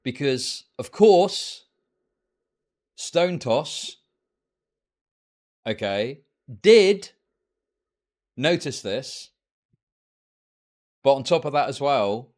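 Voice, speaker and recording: A man's voice: medium pitch, very animated, extremely slow, pauses often, darkish tone. A young man streaming, ranting sarcastically about social media posts and swearing often. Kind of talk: ranting livestream commentary.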